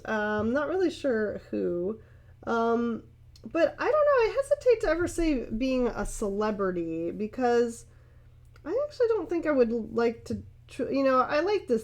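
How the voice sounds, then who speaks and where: Chatty, slightly high-voiced woman. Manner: rambling and chatty, with many fillers and frequent laughs. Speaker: artist and YouTube host. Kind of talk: casual chat while painting.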